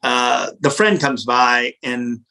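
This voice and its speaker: A middle-aged man, a pizza restaurant owner, telling a story in a casual interview in a blunt, animated, profane way. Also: medium pitch, slow pace, rough recording.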